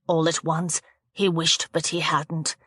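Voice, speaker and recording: Woman audiobook narrator, low voice, steady measured reading, dry close sound. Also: breathy edge, no echo. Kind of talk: scripted narration of a thriller novel.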